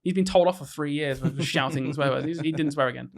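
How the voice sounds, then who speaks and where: A man who is a teacher, co-hosting a podcast in casual chat, telling classroom stories in a quick, animated way. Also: a little high, creaky. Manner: quick, animated storytelling with laughs. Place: tiny room.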